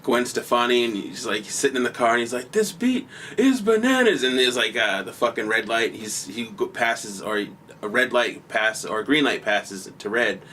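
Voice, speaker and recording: A man's voice: on the low side, steady tone, moderate pace, sharp tone, far from the mic, slight background noise. A man on a podcast chatting casually, rambling with lots of "like" and "um" and some swearing. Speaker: podcast co-host. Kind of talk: casual chat.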